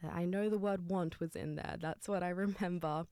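An enthusiastic young woman hosting a radio show, chatting casually between tracks. Her voice sits a little low, and the studio sound is close and dry. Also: steady tone, normal speed, darkish tone, clear, resonant tone, no echo. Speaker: radio presenter.

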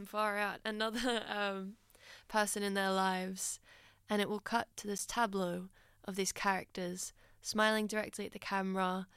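A woman's voice: mid-range voice, gravelly, smooth, no echo. Woman, radio host, earnest film chat, dry close studio sound. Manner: earnest, reflective, heartfelt. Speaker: radio presenter.

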